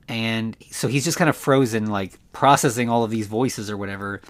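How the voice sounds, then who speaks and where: A man's voice: on the low side, unhurried, hardly any pauses, fairly bright tone. A man hosting a podcast, recapping a movie casually with lots of fillers and restarts. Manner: rambling, many fillers. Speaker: podcast host.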